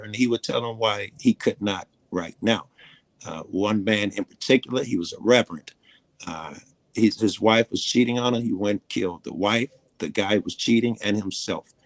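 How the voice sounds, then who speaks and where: A man's voice: lowish voice, normal speed, no echo. A man telling a personal story in casual conversation, blunt and profane, rambling as he goes. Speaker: panel guest.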